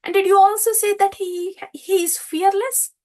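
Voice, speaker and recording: Indignant fatherly cowherd chief, as a woman puts him on, high-pitched, incredulous questioning, storytelling in a lecture. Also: animated, normal speed. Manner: incredulous, pleading rhetorical questions.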